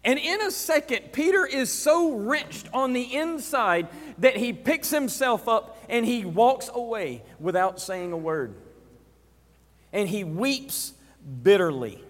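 A male preacher with a high voice gives a sermon and retells scenes dramatically, acting them out as he goes. His words ring with long reverb in a church hall. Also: expressive, takes it slowly, fairly bright tone.

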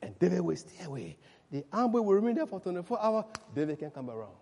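A male preacher delivering a sermon with a strikingly high voice that rises and falls dramatically. He shouts his points, then drops to quiet asides, calling out to the congregation. His voice rings through the long reverb of a large hall. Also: sing-song, fast talker, a little hiss or hum. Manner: emphatic, swings from loud shouts to quiet asides, calls out to the congregation. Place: church.

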